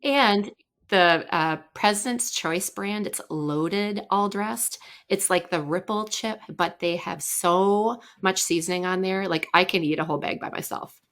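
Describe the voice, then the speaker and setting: A woman's voice: on the low side, measured pace, fairly bright tone. A woman from Canada chatting casually on a podcast, laughing often and telling stories with animation. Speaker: education technology consultant.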